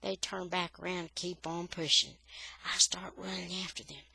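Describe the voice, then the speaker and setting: A woman reading a children's novel aloud for English learners, with steady, expressive storytelling. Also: lowish voice, moderate pace, vocal fry, husky, no echo.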